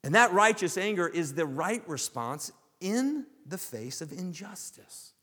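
A male pastor giving a sermon, asking rhetorical questions and swinging between raised emphasis and hushed, low asides. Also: sing-song, measured pace, breathy edge, long reverb tail.

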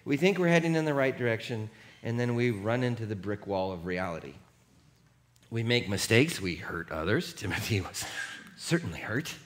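A middle-aged male pastor giving an animated, jokey sermon, laughing at himself and having the congregation read along aloud. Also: on the low side, normal speed, a little hiss or hum.

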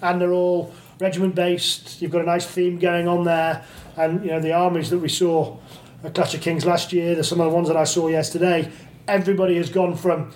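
A man being interviewed at a convention, chatting casually and explaining with animated stop-and-start repeats. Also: on the high side, a little fast. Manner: stammering restarts, animated explaining. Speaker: interview guest from a game company.

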